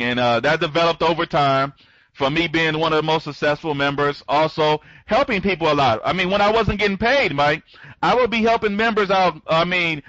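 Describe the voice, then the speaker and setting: A man with a fairly high, bright voice runs an online training session and rambles from one thought to the next. He restarts his sentences constantly and greets listeners by name. The audio is dull and lo-fi. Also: fairly quick, no echo. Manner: speeds up when excited. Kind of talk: live online training talk.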